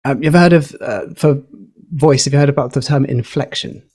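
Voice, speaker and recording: A man on a podcast, explaining communication skills in a lively, teacherly way with a few fillers. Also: medium pitch, normal speed, husky. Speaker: podcast guest, communication educator. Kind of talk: explaining, casual podcast chat.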